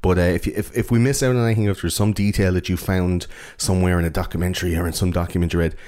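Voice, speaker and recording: A man's voice: deep voice, fairly even intonation, fast talker, a little mellow. An Irish man in his thirties co-hosting a podcast, chatty and joking, with casual swearing. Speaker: podcast co-host.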